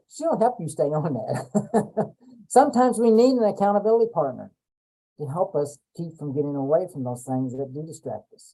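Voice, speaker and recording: A man's voice: on the high side, mellow, rough recording. A man giving a folksy motivational talk as a brain coach on a video call, repeating points and dropping in playful asides.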